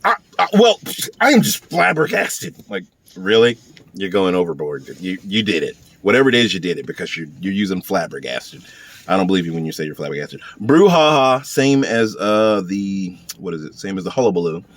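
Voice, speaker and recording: A man with a lively, up-and-down voice, reading down a word list in a relaxed, off-the-cuff way. He adds dry, offhand asides and slips into short acted-out lines to show how each word sounds in use. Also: deep voice, fairly quick. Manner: muses aloud and acts out little example lines. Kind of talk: casual off-the-cuff commentary.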